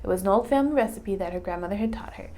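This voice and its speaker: A woman teacher doing a read-aloud storytime, animated and chatting with a child. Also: medium pitch, racing. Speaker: English teacher.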